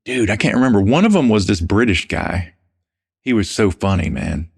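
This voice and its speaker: A man speaks in a very low, gravelly voice. He tells stories as an interview guest, relaxed and anecdotal, and drops in a casual "man" or "dude" along the way. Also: normal speed. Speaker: podcast guest.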